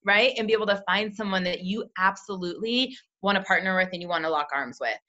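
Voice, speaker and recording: Young woman, bright crisp voice, chatty coaching, dull lo-fi call audio. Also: mid-range voice. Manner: chatty, acts out quick quoted dialogue. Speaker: team leader coaching sales recruits.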